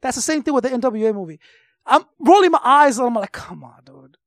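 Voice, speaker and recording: A man's voice: very high-pitched, fast, no echo, studio quality. A man co-hosting a casual podcast, ranting with strong opinions and plenty of swearing. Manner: animated, profane, opinionated ranting. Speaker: podcast co-host and music reviewer. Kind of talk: casual chat.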